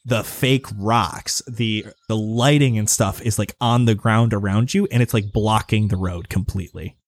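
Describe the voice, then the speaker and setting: A man's voice: on the low side, fairly even intonation, moderate pace, dry recording. Man narrating as game master. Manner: loose, descriptive, filler-heavy.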